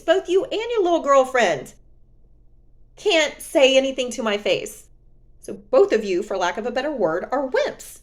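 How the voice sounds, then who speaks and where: A woman's voice: fairly high pitch, expressive, normal speed. A woman vlogger talking straight to camera in a sassy, indignant, emphatic way. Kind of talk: candid vlog monologue.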